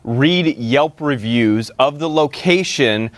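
A man's voice: mid-range voice, expressive, slow, no room sound. A male podcast host with a mid-range voice, asking questions with enthusiasm. He is recorded close up, with a dry sound. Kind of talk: interviewing.

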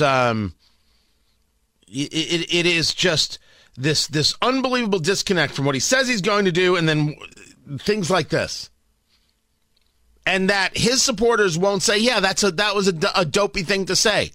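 A middle-aged male talk radio host with a high, bright voice that leaps all over the place. He rants sarcastically and picks fights, dropping to mutters and then bursting out loud. The studio sound is dry and close. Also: very animated, measured pace, dry recording. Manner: sarcastic, combative, swings between mutters and loud mock outbursts. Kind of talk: opinionated talk radio monologue. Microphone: studio broadcast mic.

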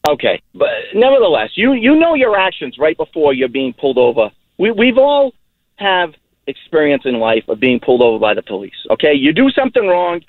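A man's voice: on the high side, wildly swooping pitch, brisk, no room sound. Insistent male caller on a tinny phone line. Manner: insistent, repeats "okay" and "listen". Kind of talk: radio call-in debate.

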